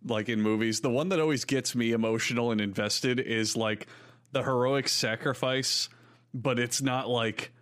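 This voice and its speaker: A man co-hosting a casual podcast, telling animated stories about movies. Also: mid-range voice, moderate pace. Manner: animated storyteller, acts out movie lines. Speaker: podcast co-host. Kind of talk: casual chat.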